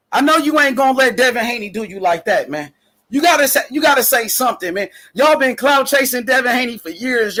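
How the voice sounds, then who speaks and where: A man hosting a casual boxing talk stream, talking loud, profane trash. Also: very high-pitched. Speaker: host.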